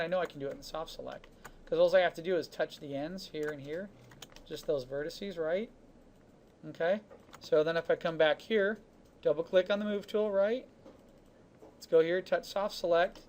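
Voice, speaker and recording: A man teaching a 3D modeling class, talking casually through each step of a software demonstration with chatty asides. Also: fairly high pitch, slight background noise. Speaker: 3D modeling instructor. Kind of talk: live software demonstration lesson.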